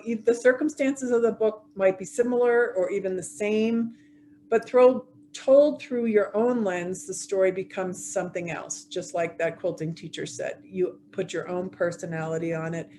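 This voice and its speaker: A woman book coach speaks earnestly, encouraging writers in a relaxed chat. Her voice sits at a middle pitch, with a faint electrical hum underneath the recording. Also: rough recording. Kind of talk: casual advice chat.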